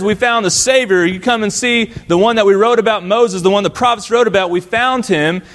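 Preaching in a lively, chatty way, this high-voiced pastor tells a Bible story and voices the characters' lines himself.

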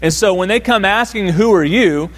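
Male pastor, fairly high voice, emphatic sermon delivery with rhetorical questions and repeated phrases. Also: moderate pace.

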